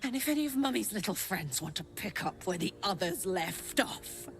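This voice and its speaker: An actress voicing a fiery, defiant female demon warrior who has escaped, in a video game, speaking with a gravelly voice. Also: mid-range voice, animated, normal speed, slight background noise, natural voice. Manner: defiant, vows loudly.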